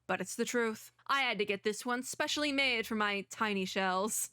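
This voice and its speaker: A woman's voice: fairly high pitch, moderate pace, bright, forceful tone, clean tone, no room sound, studio quality. Woman doing a prim, contrarian platypus. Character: fussy male platypus guarding tiny shells, contrarian. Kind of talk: reading game dialogue aloud.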